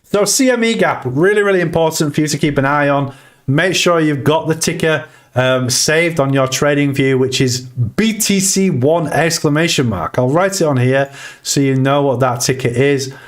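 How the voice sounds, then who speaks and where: Excitable man hosting a crypto stream. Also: on the high side, normal speed. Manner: excitable, swings between chart talk and shout-outs to chat. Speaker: crypto livestream host. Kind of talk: casual livestream chat.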